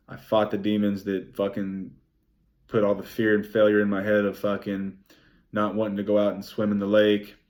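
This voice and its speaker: A young man recapping his race in a vlog, excited and rambling, swearing freely and saying "like" often. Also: fairly low pitch. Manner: excited, rambling, swears a lot, many "like" fillers. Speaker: vlogger.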